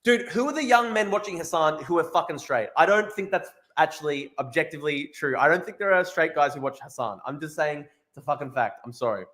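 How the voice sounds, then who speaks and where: A man's voice: on the high side, animated, fairly bright tone. A young man hosting a casual livestream, reading chat and article lines, blunt and profane, often repeating himself. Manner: blunt, swearing, quick asides; repeats phrases, restarts. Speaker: livestream host.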